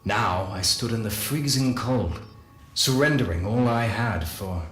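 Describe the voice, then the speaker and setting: An actor playing a solemn male scientist narrating a game audio journal, measured and confessional. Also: on the low side, fairly bright tone. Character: solemn male scientist recounting guilty secrets. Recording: echoey voice with faint music.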